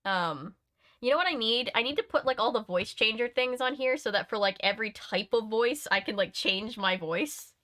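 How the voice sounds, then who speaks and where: A woman's voice: a little high, normal speed, sharp tone. A woman streamer reading a children's horror book aloud, chatting casually with her viewers between passages. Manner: chatty, uses many fillers. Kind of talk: read-aloud narration with casual chat.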